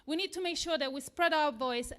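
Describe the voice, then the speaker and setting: A woman with an Italian accent speaks on stage in a fairly high voice. Her delivery is earnest and slightly nervous, with a self-deprecating edge. It sounds like a live lightning talk in front of an audience. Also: fairly quick, a bit bright. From Italy. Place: event room with a live audience.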